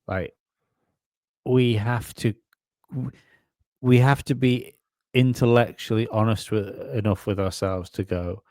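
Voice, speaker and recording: A man's voice: lowish voice, fairly even intonation, unhurried, long pauses, dark tone, no echo, studio quality. A man co-hosting a casual conspiracy podcast, rambling and swearing, often restarting his sentences. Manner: rambling, profane, many restarts. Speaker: podcast co-host.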